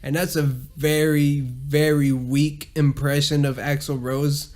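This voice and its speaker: A man's voice: fairly high pitch, level tone, slow pace, darkish tone. A man hosting a casual solo podcast, rambling and cursing a lot and laughing at his own jokes. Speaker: podcast host.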